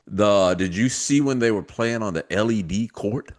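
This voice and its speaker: A man co-hosting a podcast, chiming in with relaxed asides and quick comments. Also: fairly low pitch. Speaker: podcast co-host. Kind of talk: casual chat.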